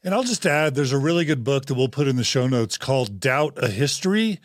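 A man hosting a casual discussion over a video call, guiding the talk briskly. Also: medium pitch, expressive, dry recording, studio quality. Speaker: podcast host.

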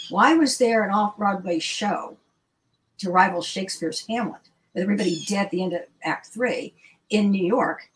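A woman in a casual interview, emphatic and animated, firing off rhetorical questions. Her voice sits at an ordinary middle pitch, with a faint hiss of noise behind her. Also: moderate pace, poor audio. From Washington, D.C. area. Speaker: interview guest, surgeon.

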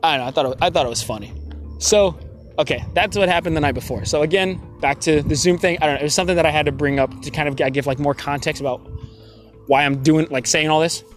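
A young man with a slightly high voice tells a long story in a loose, chatty way, packed with fillers, restarts and quick laughs. Faint music plays quietly behind him. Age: young adult. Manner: rambling and chatty, many fillers and self-corrections, laughs often. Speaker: college student telling a story. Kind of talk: casual anecdotal storytelling.

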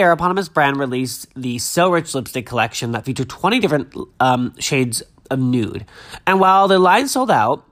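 A man's voice: medium pitch, a bit bright. A young man hosting a podcast, chatting casually and reading news aloud in a gushing, dramatic way, a little stuffy-nosed. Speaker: podcast host.

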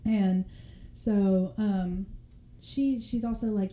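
A woman's voice: medium pitch, normal speed, dark tone. A young woman telling a true crime story in casual chat, laughing often and acting out the people in it. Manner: chatty, laughs often, acts out quoted voices.

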